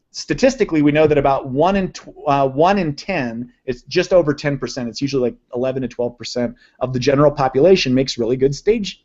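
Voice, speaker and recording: A man's voice: fairly high pitch, darkish tone, highs cut off. A man presenting a live online lesson on sales copywriting, enthusiastic and conversational, often checking in with his listeners. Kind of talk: live online teaching session.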